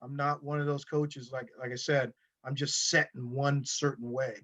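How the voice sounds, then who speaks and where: A male high school wrestling coach, a podcast guest, telling stories in a loose, rambling way full of fillers and restarts. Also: level tone, moderate pace, a bit bright. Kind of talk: casual conversational storytelling. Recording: dull lo-fi sound.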